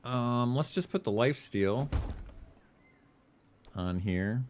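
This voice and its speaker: A man's voice: medium pitch, slow pace, slight background noise. Chill guy streaming a game, talks things out, cusses a bit. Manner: relaxed, thinking aloud, swears. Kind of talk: casual live-stream chat.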